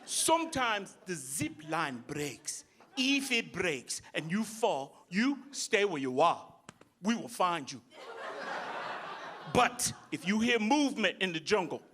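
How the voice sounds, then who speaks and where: A man voicing a deep, calm, ominous male jungle tour guide who gives slow, flat warnings. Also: a little hiss or hum. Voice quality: low, slow, grave. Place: comedy club stage. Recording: live club audience laughter.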